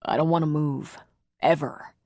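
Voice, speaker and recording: A woman narrator voicing a tender man who speaks softly and reassuringly in a low voice. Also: steady tone, measured pace, dry recording, clean studio sound, close to an everyday voice.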